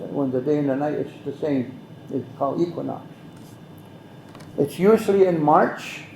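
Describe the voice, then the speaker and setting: An older man tells a story at an unhurried pace. His voice is gravelly and mellow. The recording has the echo of a roomy space. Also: fairly high pitch, a little hiss or hum. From Mohawk Valley, New York. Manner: measured, repetitive, speaks some phrases in Mohawk. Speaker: guest elder. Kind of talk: slow oral storytelling.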